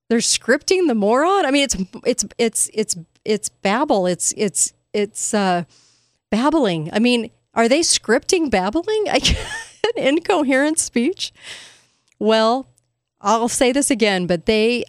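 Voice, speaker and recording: A woman's voice: mid-range voice, no room sound, clean studio sound. A woman hosting a casual commentary monologue, sarcastic and emphatic, laughing at her own points. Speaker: commentary host.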